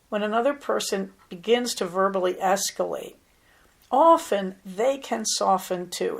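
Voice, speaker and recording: A woman hosting an advice talk as a psychologist, explaining calmly and acting out example lines. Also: mid-range voice, creaky. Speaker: psychologist host.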